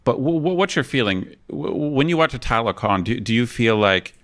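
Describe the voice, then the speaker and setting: A man's voice: mid-range voice, animated, a little fast, a bit bright. A man co-hosting a casual podcast, talking in a thoughtful, hesitant way with many restarts. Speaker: podcast co-host.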